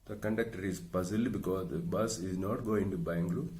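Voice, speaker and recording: A middle-aged man, giving a recorded lecture in a slow, measured way and explaining through worked examples. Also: sits low, steady tone, darkish tone. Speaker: teacher.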